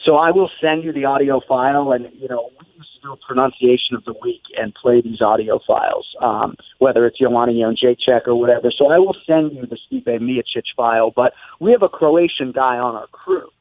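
Phone-in guest announcer, man, measured delivery, dry phone-line sound. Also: medium pitch, no room sound. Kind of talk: casual chat by phone.

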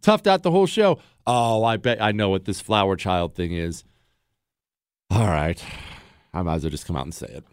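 A man's voice: sits low, animated, normal speed, smooth, dry recording. A man hosting a talk radio show, speaking in a sarcastic, joking monologue and bantering with his producer at a studio microphone.

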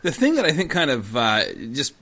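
A man's voice: on the high side, huge pitch swings, brisk, a bit bright. Man in jokey podcast banter. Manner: jokey, reads a review aloud with put-on voices. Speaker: podcast co-host. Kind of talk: casual chat.

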